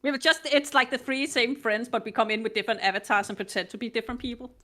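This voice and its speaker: A woman's voice: on the high side, fast, bright, forceful tone. A woman, a guest on a casual stream, giggly and playfully teasing. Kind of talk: casual chat.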